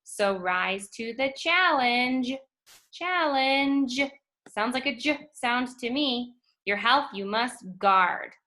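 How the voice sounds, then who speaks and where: A woman teaching a phonics lesson to first graders, speaking slowly and clearly and stretching out letter sounds. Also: fairly high pitch, expressive, pushed and bright. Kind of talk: phonics lesson for young children.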